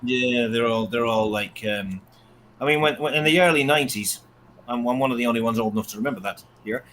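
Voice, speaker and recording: Brisk middle-aged English host, quick casual chat, faint background hiss. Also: male voice, mid-range voice, low-quality recording. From England. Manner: animated, slips into mocking impressions. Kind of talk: casual political discussion.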